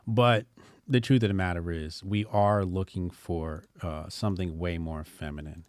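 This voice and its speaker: A man's voice: sits low, fairly even intonation, moderate pace, darkish tone, dry recording. A man hosting a casual opinion show, talking bluntly with rambling, joking asides. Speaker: commentary show host.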